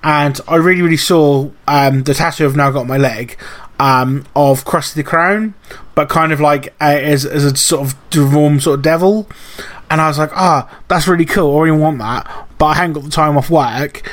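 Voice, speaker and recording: A man chatting on a podcast with friends, his voice sitting a touch higher than most men's. He tells stories loosely, swears freely and keeps breaking into laughter. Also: fairly even intonation, normal speed. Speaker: podcast co-host. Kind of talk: casual chat.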